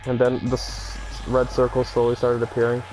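A man's voice: medium pitch, completely flat delivery, a little fast, music in the background. A young man chatting casually and joking crudely while playing a game with a friend. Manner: joking, crude, laughs often. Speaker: gamer. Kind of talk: casual chat over gameplay. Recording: game gunfire and engine noise behind.

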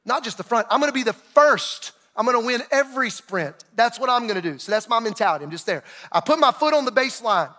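A middle-aged man preaching a sermon, telling a personal story in an animated way and acting out shouted quotes. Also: very high voice, fast. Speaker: pastor. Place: large church auditorium. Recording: long hall reverb.

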